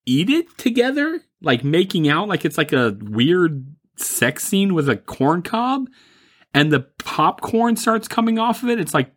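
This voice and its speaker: A man's voice: a little high, fairly bright tone, breathy edge. A man chatting casually about movies, rambling and mocking, laughing often.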